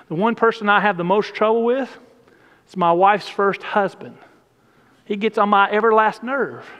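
A man delivers a sermon from the pulpit, his fairly high voice rising on emphatic, repeated phrases. The sound carries the long reverb of a church sanctuary. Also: fairly bright tone. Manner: emphatic, repetitive preaching cadence. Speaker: pastor.

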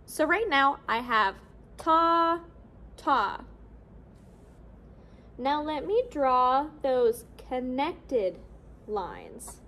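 A young woman teaching children a music lesson on rhythm, cheerful and clear, modeling syllables for them to repeat. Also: high voice, very animated, slow pace, fairly bright tone. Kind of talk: classroom lesson video for children.

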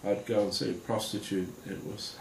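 A man giving a personal testimony to viewers, speaking in a halting, earnest way with many pauses and fillers. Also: lowish voice, fairly even intonation, vocal fry, darkish tone. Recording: roomy echo with faint background noise.

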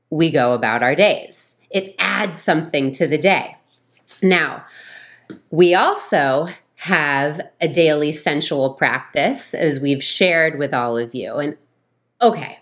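A middle-aged woman and relationship coach telling a casual story, acting out quoted lines with sudden higher, louder voices.

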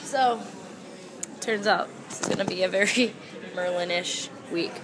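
A young woman chatting excitedly in a casual travel vlog, filmed on a handheld camera outdoors in busy city streets. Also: fairly low pitch, unhurried. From United States. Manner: excitable, gushing, giggly fan chatter. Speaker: travel vlogger. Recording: loud outdoor crowd and street noise.

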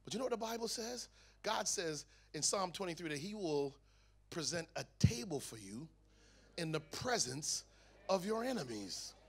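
A man giving his testimony at a youth camp meeting, telling the story in a lively way and acting out the dialogue. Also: high-pitched, normal speed, husky. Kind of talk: testimony sermon to a youth audience.

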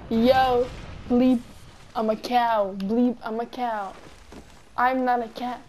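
A woman's voice: on the high side, fairly even intonation, slow, a little mellow, a little hiss or hum. Giggly young woman chatting while gaming. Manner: playful, giggly, breaks into silly sing-song bits. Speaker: gamer streaming with friends. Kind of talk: casual game chat.

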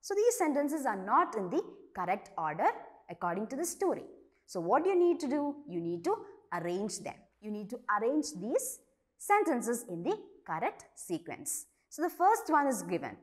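Patient woman teacher with lively pitch. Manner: slow, patient explaining with questions and answers; reads dialogue lines aloud with lively pitch jumps. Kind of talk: online class lesson for young children.

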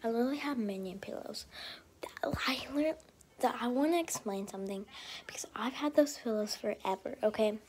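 Teen girl, room tour vlog, higher voice, whispery, emotional. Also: fairly quick, darkish tone, a little hiss or hum. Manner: emotional, gushing, often whispery. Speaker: vlogger.

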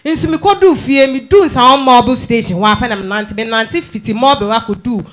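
Congregant, middle pitch, plain halting testimony. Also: fairly bright tone. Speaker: church member giving testimony. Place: church service.

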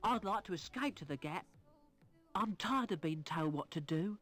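An actress voicing a rude, restless child in an adventure game. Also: female voice, fairly low pitch, expressive, moderate pace, a bit bright, faint music behind. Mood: sulky. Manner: blunt, sulky. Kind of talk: 1990s adventure game voice acting.

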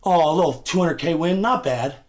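A man's voice: on the high side, a little fast. Brash taunting male livestreamer. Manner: brash, taunting, profane, repeats lines. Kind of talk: heated livestream argument.

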